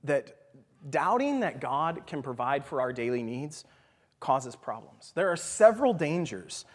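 A man teaching scripture in a relaxed, conversational way, often checking in with "right?" and sometimes dropping to a whisper for emphasis. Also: a little high, a little slow. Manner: animated, leans on "right?" and "okay?". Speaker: Bible study teacher. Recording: long hall reverb.

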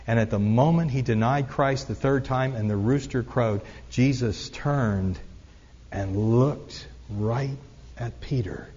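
Taking it slowly, a pastor with a mid-range, slightly mellow voice preaches in a church sanctuary. He speaks earnestly and conversationally, frequently turning aside to the congregation, and the echoey hall recording sounds dull and lo-fi.

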